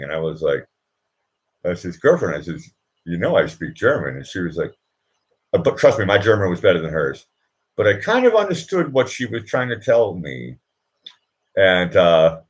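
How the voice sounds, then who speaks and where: A man hosting a casual live chat, telling rambling stories with frequent laughs and fillers. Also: on the low side. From Boston. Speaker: live stream host. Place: indoors at home.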